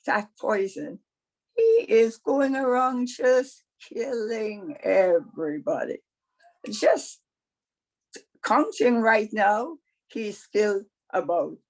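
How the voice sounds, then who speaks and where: A woman voicing a flattering, talkative male rabbit in a folktale, coaxing and slow. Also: a little high, exaggerated voice, rough recording. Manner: sweet-talking, coaxing.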